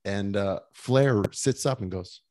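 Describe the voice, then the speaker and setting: Slow and somewhat dark in tone, his low voice carries casual podcast storytelling. He's a middle-aged ex-wrestler whose tales ramble, with frequent restarts.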